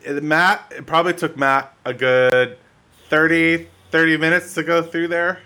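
A man with a bright, forward voice chats on a casual podcast. He is blunt and quick, and he likes to push back playfully on his co-host. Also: on the high side, flat delivery. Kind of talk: casual gaming podcast chat.

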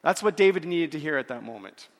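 A pastor delivers a sermon earnestly and expressively in a slightly high-pitched voice, repeating words and slowing down when quoting scripture. A long reverb trails his speech, like in a church hall.

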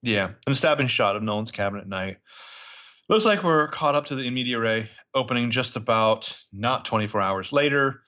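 Man, podcast co-host, casual recap, mid pitch, muffled lo-fi recording. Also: lively intonation, bright, forceful tone. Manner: reads scenes aloud with quick quoted asides, swearing and laughing.

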